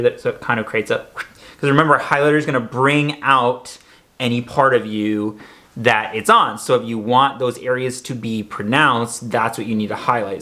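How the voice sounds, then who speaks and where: A man's voice: medium pitch, fairly bright tone. Male vlogger, casual and sassy, talking through a makeup look. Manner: chatty, sassy asides.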